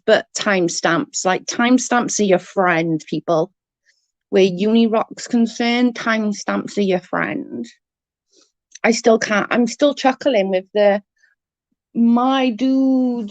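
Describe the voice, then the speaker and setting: A woman hosting a casual live stream, chatting with viewers and reading their messages, blunt and quick to swear when annoyed. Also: mid-range voice, dry recording. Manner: chatty, reads and answers chat messages. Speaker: livestream host.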